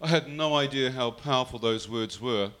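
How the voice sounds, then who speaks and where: A man tells his own story in a bright, forceful voice. He speaks earnestly and slips into his mother's words as he recounts them. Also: mid-range voice, moderate pace. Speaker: guest telling his testimony. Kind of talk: personal storytelling.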